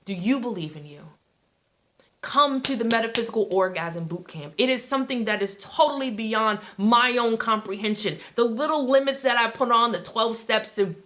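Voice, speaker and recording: A woman's voice: fairly high pitch, moderate pace, a bit bright. A woman preaching a motivational sermon as a self-styled love evangelist, with impassioned, repetitive call-and-response delivery. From United States.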